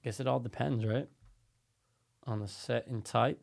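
A man in relaxed banter with a friend, easygoing and agreeable. He talks in loose slang and keeps chiming in with short agreements, at an ordinary middle pitch. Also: unhurried, vocal fry. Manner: laid-back and agreeable, slangy, often chiming in with "yeah". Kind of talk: casual chat.

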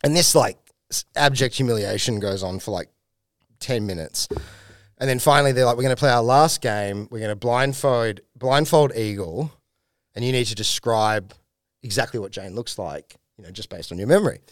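An Australian man spins a long, profane anecdote in casual chat, jumping into the voices of the people in his story. His pitch sits mid-range, and the sound is close and dry, with no room around it. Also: moderate pace, no room sound. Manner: profane, animated, acts out quotes. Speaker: comedian telling a story on a podcast.

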